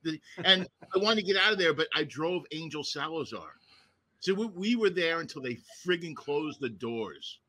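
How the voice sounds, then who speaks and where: Comic podcast co-host, male; sharp bright tone, high, lively anecdotes. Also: normal speed. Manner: animated, profane anecdotes with voices. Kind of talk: casual chat, storytelling.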